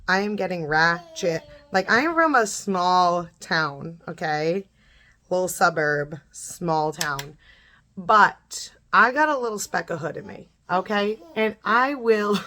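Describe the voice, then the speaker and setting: A woman's voice: on the low side, fairly bright tone. A young woman vlogger telling a story while doing her makeup, laughing often and acting out the people she quotes.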